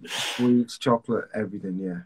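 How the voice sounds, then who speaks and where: A man's voice: fairly low pitch, steady tone, moderate pace. A man, a singer-songwriter, chatting casually in an interview on a video call, self-deprecating and full of restarts.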